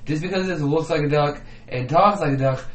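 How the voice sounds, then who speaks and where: A man's voice: on the high side, fairly quick. A man co-hosting a podcast in casual, crude, argumentative banter, laughing often. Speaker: podcast co-host. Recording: roomy, distant mic with faint background noise.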